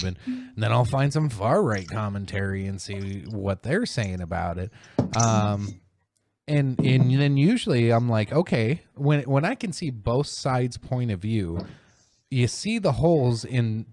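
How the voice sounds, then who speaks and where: A man hosting a casual podcast, rambling and swearing, mocking others in sudden high-pitched voices. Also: darkish tone. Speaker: podcast host.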